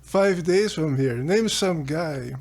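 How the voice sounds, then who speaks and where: A man's voice: a little high, animated, takes it slowly, a little mellow, exaggerated voice. Man doing a breezy wise man in a retold legend, matter-of-fact. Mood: offhand. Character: calm wise old male sage.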